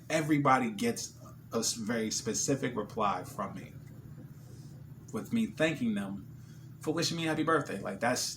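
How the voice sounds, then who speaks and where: A man's voice: on the low side, noisy background. A man vlogging casually, telling a personal story with lots of slang, restarts and quoted dialogue.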